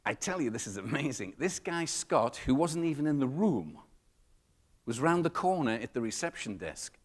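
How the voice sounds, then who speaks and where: A man giving a comedic storytelling talk to a live audience, acting out the people in his stories with big jumps in his voice. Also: normal speed. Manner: animated, acts out customers and staff with big pitch jumps. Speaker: keynote speaker. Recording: reverberant hall.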